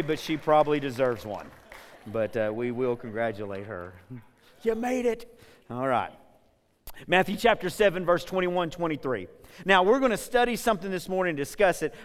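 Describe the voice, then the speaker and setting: Fast-talking energetic preacher in a reverberant church. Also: male voice, fairly high pitch, clean tone. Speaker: pastor. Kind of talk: sermon. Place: church sanctuary.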